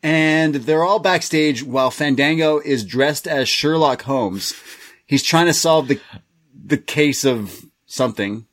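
A man's voice: a little high, slow pace, a bit bright. A man co-hosting a podcast, casually recapping a wrestling show and laughing often. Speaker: podcast co-host. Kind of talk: casual chat.

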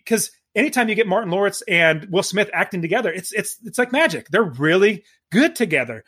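Bright, animated man reviewing a film. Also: sits high, slightly rough. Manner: animated, stammers and restarts often. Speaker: movie review co-host. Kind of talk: casual movie review chat.

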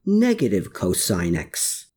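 A narrator voicing a reluctant middle-aged man who grumbles and mutters, pitched well above their own voice. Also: wildly swooping pitch, takes it slowly, warm tone, breathy edge, heavily acted. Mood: grumbling. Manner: grumbling, put-upon.

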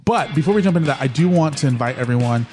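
A man's voice: mid-range voice, lively intonation, rapid-fire, darkish tone, faint music behind. Joking male podcast co-host. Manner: joking, rambling storyteller. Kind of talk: casual chat.

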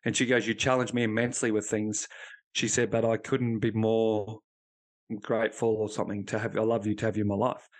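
A man's voice: lowish voice, level tone, a little fast. A man, a former police officer now a podcast guest, telling a personal story bluntly with lots of swearing and acted-out dialogue. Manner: blunt and profane, acting out remembered dialogue.

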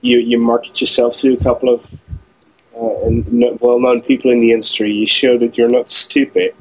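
A man's voice: medium pitch, little pitch movement, moderate pace, slightly rough, poor audio. A man as a guest on a radio show, bantering with dry, teasing humor.

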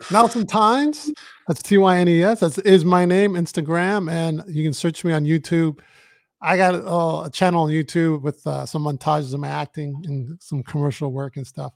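A man who co-hosts a podcast and acts, speaking in an easygoing, casual manner. His voice is gravelly and a little high. The sound is dry and close. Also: steady tone, normal speed, no room sound. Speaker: podcast co-host and actor. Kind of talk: casual chat.

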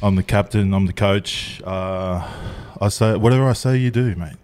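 A man's voice: on the low side, normal speed, darkish tone. A man hosting a casual podcast chat, joking, teasing and laughing often. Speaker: podcast host.

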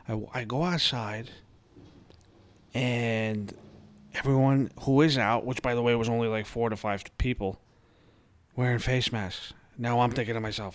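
A man's voice: lowish voice, moderate pace, no room sound. Swearing New guy ranting. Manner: animated, heavy swearing, ranting. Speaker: podcast host. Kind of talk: casual monologue. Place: home.

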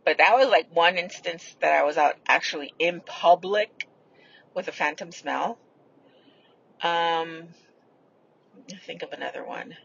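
A woman's voice: on the low side, measured pace, gravelly, pauses often, muffled recording, a little hiss or hum. A woman hosting a podcast, casually telling stories in a rambling way and swearing freely. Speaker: podcast host. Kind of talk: casual storytelling.

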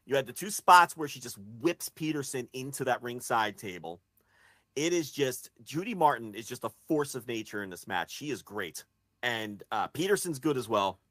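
A man's voice: mid-range voice, expressive, moderate pace, bright, forceful tone, no room sound. A man hosting a casual podcast, wry and profane, steering the conversation. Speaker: podcast host.

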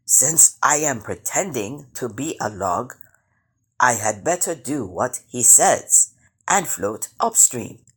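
A woman voicing a big male crocodile in a storybook reading, speaking lower and grumbling. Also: sing-song, slow pace, fairly bright tone, breathy edge, exaggerated voice. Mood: sly. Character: big scheming male crocodile, later scared.

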